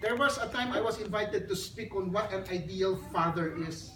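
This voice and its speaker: A woman's voice: mid-range voice, normal speed. Woman speaker in an echoey hall. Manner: earnest, storytelling, addresses audience directly. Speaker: speaker at a child dedication. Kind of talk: sermon-like talk with a joke story. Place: hotel function hall. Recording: echoey hall, distant mic, background noise.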